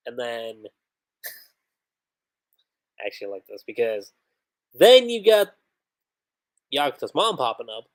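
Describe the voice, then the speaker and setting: A man casually reviewing a comic chapter on a livestream, animated and chatty, with many fillers. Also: on the high side, slow pace, pauses often.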